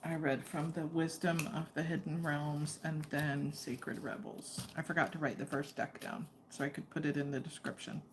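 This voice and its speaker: A woman's voice: low voice, little pitch movement, normal speed, few pauses, noisy background. A woman giving a casual, chatty tarot reading, often breaking off to coax her dog over. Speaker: tarot reader.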